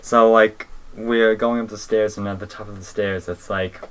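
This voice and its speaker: Young male podcast co-host, lower voice, rambling storyteller who swears freely. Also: little pitch movement, unhurried, few pauses, a bit bright, clear, resonant tone. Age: young adult. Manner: rambling, swears a lot, many fillers. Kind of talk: casual podcast chat.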